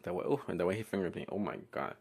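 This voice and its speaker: Man, young adult, podcast host, playful, laughing, very lively pitch. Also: rapid-fire, slightly rough. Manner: playful, giggly, code-switching, often loud and laughing. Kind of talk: casual solo podcast storytelling.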